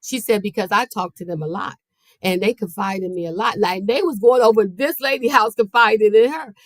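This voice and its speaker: A woman's voice: medium pitch, a little fast, no room sound. A middle-aged woman in a casual podcast, earnest and conversational, telling a personal family story and acting out the lines she quotes. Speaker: podcast host sharing her story.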